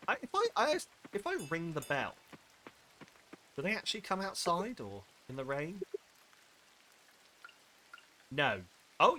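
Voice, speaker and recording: A man's voice: a little high, sharp tone, slight background noise. A man from near Wales chatting casually while playing a game on stream, muttering a running commentary with jokey self-deprecating asides. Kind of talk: casual live-stream gameplay chat.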